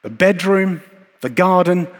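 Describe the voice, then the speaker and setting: A man preaching a sermon in an earnest, reflective way, with measured pauses and repeated phrases. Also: high-pitched, animated. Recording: long hall reverb.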